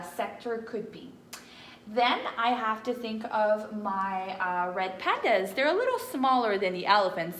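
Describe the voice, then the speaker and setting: A woman's voice: fairly high pitch, a bit bright, a little hiss or hum. A woman teacher, patiently explaining a math lesson for young children, with many fillers. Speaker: first grade teacher. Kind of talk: recorded classroom lesson for children. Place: home room with whiteboard. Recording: echoey room.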